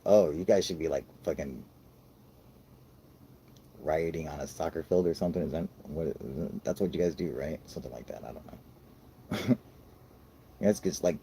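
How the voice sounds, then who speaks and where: This is an American man with a scratchy, rumbling voice that sits at the very bottom of the range. His tone is dark and mellow, and a faint hiss of noise runs underneath. He banters casually as a stream host, swears freely and laughs often. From United States. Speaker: livestream host reading chat.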